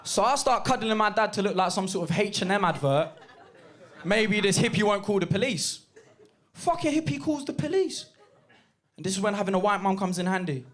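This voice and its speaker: A man performing a lively stand-up set, telling stories with shouted impressions. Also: high-pitched, brisk. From Jamaican heritage, East London. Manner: animated storytelling with bursts of shouted impressions. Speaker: stand-up comedian. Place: comedy club stage. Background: audience laughter.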